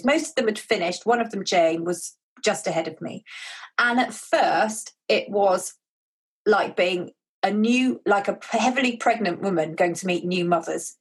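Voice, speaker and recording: A woman, telling a personal story in a chatty, animated way as an author guest. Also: medium pitch, breathy edge. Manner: animated, chatty, acts out quoted dialogue. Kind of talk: conversational storytelling.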